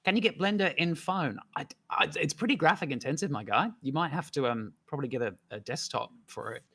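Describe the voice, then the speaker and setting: A man's voice: fairly high pitch, lively intonation, fairly quick, pushed and bright, breathy edge. Casual guy for a stream chat: giggly, rambling, loose with swearing. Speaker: guest animator.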